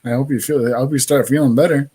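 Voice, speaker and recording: A man's voice: medium pitch, steady tone, fast talker, mellow, husky. Friendly man on a live stream call. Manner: friendly, relays others' remarks, urges chat comments. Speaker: regular guest. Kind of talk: casual live-stream chat.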